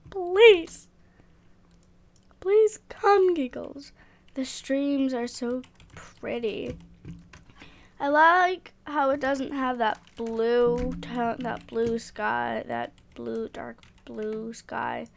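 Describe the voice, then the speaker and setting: A young woman with a high voice chats her way through a game in an excitable, rambling way. She speaks slowly and unhurriedly, filling gaps with ums and likes. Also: gravelly. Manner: chatty, excitable, rambling with fillers. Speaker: gaming vlogger. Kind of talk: casual game commentary.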